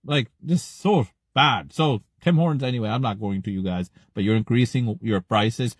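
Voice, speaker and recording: A man's voice: mid-range voice, normal speed, dry recording, clean studio sound. A man, ranting indignantly and bluntly in a casual vlog, repeating himself.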